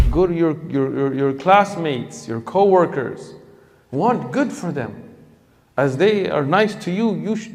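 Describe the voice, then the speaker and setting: Animated preacher telling a story. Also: male voice, on the high side, big-room sound. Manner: animated storyteller who acts out quoted voices. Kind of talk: storytelling sermon.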